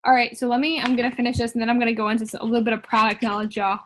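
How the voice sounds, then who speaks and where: A woman's voice: on the high side, little pitch movement, racing. A young woman, talking through motivational sales-training notes in a casual vlog, chatty and emphatic with lots of "like" and "um". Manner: chatty and emphatic, heavy use of "like" and "um".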